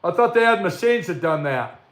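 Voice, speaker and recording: A man's voice: high-pitched, expressive, normal speed, a bit bright. Profane older man ranting on a livestream. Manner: profane, combative, addresses viewers' comments. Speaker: livestream host. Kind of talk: angry live-stream rant. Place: his workshop.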